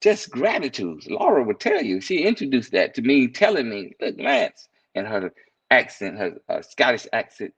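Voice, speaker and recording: A man's voice: mid-range voice, big pitch swings, moderate pace, vocal fry, husky, dull audio. A man hosting a live stream, giving a casual inspirational talk, reading out viewers' comments and chuckling as he thanks them by name.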